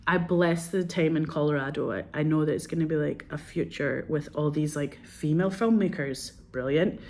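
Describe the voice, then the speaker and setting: A low-pitched woman in her forties, talking as a film director in an interview. She tells her stories with energy, swears casually and slips into other people's voices. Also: moderate pace, vocal fry. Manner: animated, profane, acts out quotes. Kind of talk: candid interview storytelling.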